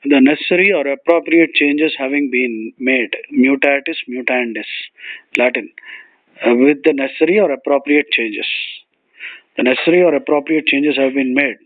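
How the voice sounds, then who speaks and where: A man teaching foreign words and phrases, saying each one, spelling it letter by letter and giving its meaning in a slow, deliberate way. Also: medium pitch, dry recording. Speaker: vocabulary teacher. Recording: tinny phone-like audio, dry.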